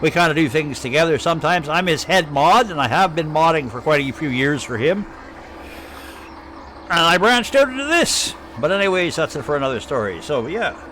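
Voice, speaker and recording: A man's voice: fairly high pitch, lively intonation, moderate pace, bright, forceful tone, slight background noise. A man from Canada with an Ottawa Valley accent, rambling and chatting casually as he streams live gameplay commentary. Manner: rambling, chatty, thinking aloud.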